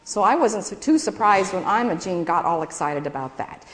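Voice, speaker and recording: Woman, story read aloud in church, expressive, animated pitch, long hall reverb. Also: moderate pace. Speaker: reader in church.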